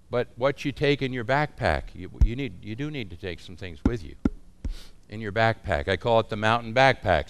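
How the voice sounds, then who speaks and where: A man's voice: on the low side, clear, resonant tone. A man teaching other pastors in an informal, folksy way, often chuckling as he talks.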